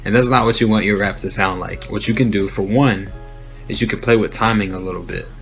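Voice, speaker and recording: A young man hosting a rap-writing tutorial, explaining in a relaxed, conversational way and rapping short examples aloud. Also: on the low side, fairly quick, creaky, over music. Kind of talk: casual instructional talk.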